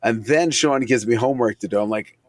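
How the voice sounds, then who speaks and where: A man, an author, talking enthusiastically about his book in an interview. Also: mid-range voice. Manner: enthusiastic, animated, fast when excited. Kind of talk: casual interview chat.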